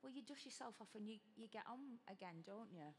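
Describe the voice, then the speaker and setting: Northern English actress, candid, in a hall. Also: female voice, a little high, fairly quick, slight background noise. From Northern England. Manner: self-deprecating, animated storytelling with acted quotes. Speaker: panel guest, actor. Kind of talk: candid panel discussion. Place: stage in a large hall before an audience. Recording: reverberant hall, live panel.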